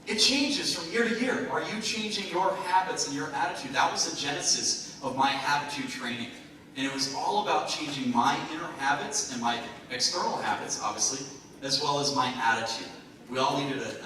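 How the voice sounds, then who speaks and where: A man giving a lively motivational talk to a live audience, joking and asking the room questions. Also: mid-range voice, brisk. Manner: lively, jokey, asks the crowd questions. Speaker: motivational speaker. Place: event hall before a live audience. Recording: very echoey hall, speaker far from mic, noisy.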